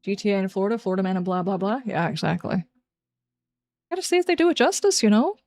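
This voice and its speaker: A woman talks her way through a live gaming session at a middling pitch, reacting aloud and answering viewers in a relaxed, wry way. Soft music plays faintly underneath. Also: fast. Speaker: gaming livestreamer. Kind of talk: casual live gameplay commentary, chatting with viewers.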